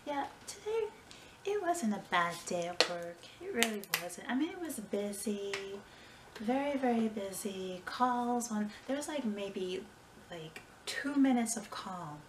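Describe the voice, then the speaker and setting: A woman's voice: mid-range voice, very animated, a little slow, roomy sound, noisy background. A woman chatting casually to her phone camera at home, tired and a little out of breath, with playful dramatic sighs. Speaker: vlogger. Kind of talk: casual vlog chat. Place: home kitchen. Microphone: phone on a selfie stick.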